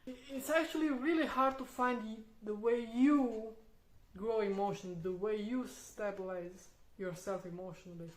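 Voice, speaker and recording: Candid young mom in a roomy echo. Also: female voice, mid-range voice, moderate pace. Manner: candid, thinks aloud, restarts words, swears casually. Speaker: parent reviewing a parenting book. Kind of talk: casual reflective vlog talk.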